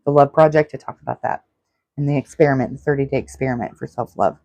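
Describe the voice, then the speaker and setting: A woman's voice: rumbling low, fast, a little mellow, no echo. A woman in her forties hosting a solo self-help podcast, talking earnestly and repeating her advice. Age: 40s. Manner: earnest, repetitive, advice-giving. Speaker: podcast host.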